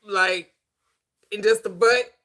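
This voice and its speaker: A woman's voice: medium pitch, steady tone, slow pace, pushed and bright. A middle-aged woman hosting a casual livestream chat, giggly and chatting with her viewers. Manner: giggly, laughs often, talks to viewers. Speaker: host.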